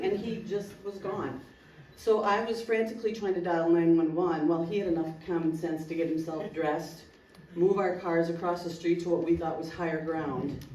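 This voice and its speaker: A woman's voice: on the low side, darkish tone. A woman, a local resident, telling an emotional personal story at a community meeting, acting out the dialogue vividly. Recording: roomy hall, distant mic, faint noise.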